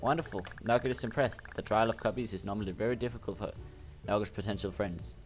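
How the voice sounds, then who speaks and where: A man's voice: fairly low pitch, quick pace, soft background music, natural voice. A man reading the lines of an odd boy character who speaks of himself in the third person, while playing a video game.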